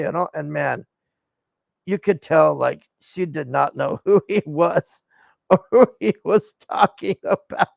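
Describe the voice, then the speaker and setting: A man's voice: fairly high pitch, measured pace, creaky, dry recording. A male streamer and show host chatting casually to his viewers in a rambling, laid-back way, with lots of fillers and some swearing.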